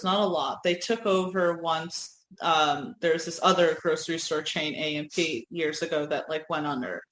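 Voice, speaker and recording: A woman's voice: fairly low pitch, a bit bright, roomy sound, rough recording. A woman co-hosting a casual podcast, laughing often and swearing freely as she reminisces. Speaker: podcast co-host. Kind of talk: casual chat.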